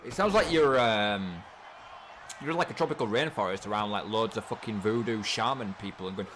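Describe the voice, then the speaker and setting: Excitable English man commentating a stream. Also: on the low side, a little fast, slight background noise. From England. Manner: excitable, swears freely, repeats himself. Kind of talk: casual live-stream game commentary.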